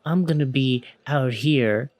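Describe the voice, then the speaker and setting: A man role-playing his character at a tabletop game, calm and decisive. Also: mid-range voice, slow, no echo. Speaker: player.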